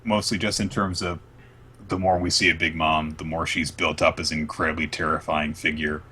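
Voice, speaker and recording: A man hosting a podcast, chatting casually and recapping comics in an animated way with plenty of fillers. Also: extremely low pitch, a little fast, husky. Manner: animated, retelling scenes with lots of fillers. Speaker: podcast host. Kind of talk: casual manga recap chat.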